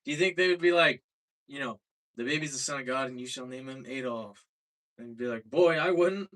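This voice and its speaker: Halting young man doing stand-up. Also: mid-range voice. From Seattle. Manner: deadpan, halting, many filler words. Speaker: stand-up comedian. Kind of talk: stand-up set at an open mic. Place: small comedy club room.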